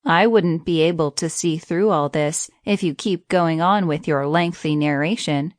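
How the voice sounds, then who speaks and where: Lady doing a sly little storybook jackal playing dumb, slow and dry. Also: deep voice, no echo. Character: sly young male jackal, feigning slowness.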